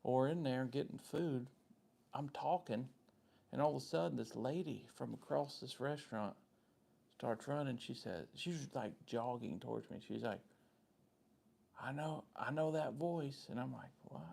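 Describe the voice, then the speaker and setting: Gravelly Southern man chatting with viewers. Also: mid-range voice, moderate pace, mellow. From Southern United States. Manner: rambling, friendly, answers chat comments by name. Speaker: live-stream host. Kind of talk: casual live-stream chat with viewers.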